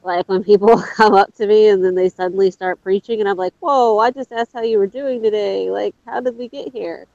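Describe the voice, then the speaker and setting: A woman co-hosting a casual chat show, making quick exasperated asides. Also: medium pitch, fairly even intonation, creaky, a little mellow, no echo, highs cut off. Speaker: podcast co-host.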